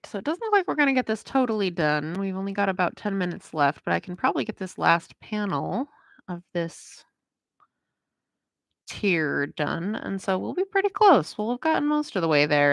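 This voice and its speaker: A woman comic artist streams her work, chatting casually while she draws and rambling through a story full of filler words and frequent laughter. Her mid-range voice swings widely in pitch at a moderate pace, with some creak, on a dry recording.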